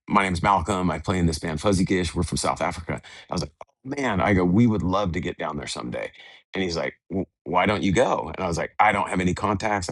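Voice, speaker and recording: Low husky-voiced American man. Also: dry recording. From United States. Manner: relaxed, rambling, many fillers and retold dialogue. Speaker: bassist of a touring band, interview guest. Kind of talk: casual interview chat. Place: hotel room.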